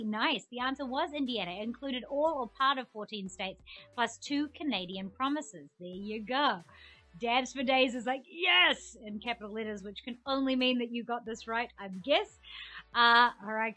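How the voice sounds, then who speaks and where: A woman's voice: fairly high pitch, normal speed, sharp tone, faint music behind. A young woman hosting a live trivia game show, upbeat and chatty, reading questions and viewer comments aloud. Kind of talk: live-streamed quiz hosting.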